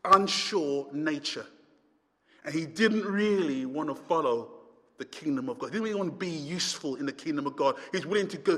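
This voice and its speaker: A man preaching a sermon, impassioned, rising to near shouts and then dropping low. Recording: hall reverb.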